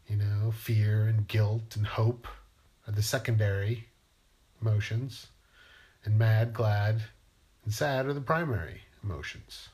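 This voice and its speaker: A man's voice: fairly low pitch, a little mellow. Musing man in a rambling monologue. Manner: musing, playful, asks questions aloud. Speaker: writer.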